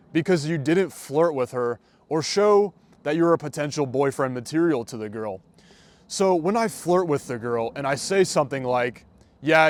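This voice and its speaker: A man's voice: on the high side, dry recording. A young man in his twenties, a dating coach giving casual vlog advice and acting out example conversations. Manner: conversational, acts out example dialogues.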